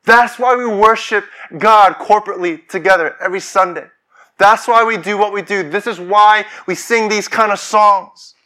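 A man's voice: sits high, moderate pace, sharp tone. A man preaching a sermon as pastor, talking conversationally and rising to fervent declarations.

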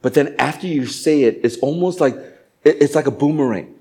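A middle-aged male pastor preaching a sermon, animated and joking, acting out little voices. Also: fairly high pitch, fairly quick. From Asian family background. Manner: animated, acts out voices and jokes.

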